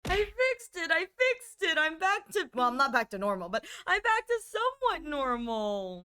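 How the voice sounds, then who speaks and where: A young adult woman streaming live, chatting casually with her chat and squealing in excitement when surprised. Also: high-pitched, moderate pace.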